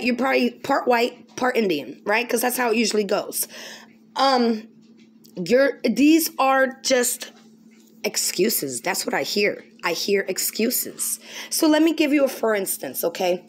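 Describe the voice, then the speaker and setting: A woman vlogger giving an emphatic, preachy monologue, often pausing to ask "okay?". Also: fairly high pitch. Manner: emphatic, repetitive, keeps asking okay. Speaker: spiritual vlogger.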